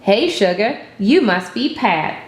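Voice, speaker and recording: A woman's voice: medium pitch, big pitch swings, slow pace, roomy sound, voice pushed up. A woman doing a drawling Southern stable woman. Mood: welcoming. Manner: drawling, friendly.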